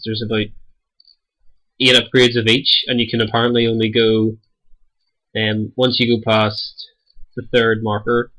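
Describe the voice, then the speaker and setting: A young man in his late teens, stuffy-nosed and a little raspy from a cold, giving rambling, hesitant commentary over a game he is playing. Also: on the low side, pushed and bright, rough recording. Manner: rambling and hesitant, many ums. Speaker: gaming channel host. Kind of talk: casual gameplay commentary.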